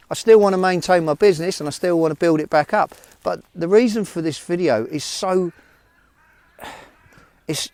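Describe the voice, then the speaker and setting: A man's voice: mid-range voice, darkish tone, no echo. Earnest man, motivational vlog. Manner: earnest, blunt, swears, frequent restarts. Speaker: vlogger. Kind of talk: motivational talk to camera. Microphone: handheld phone camera.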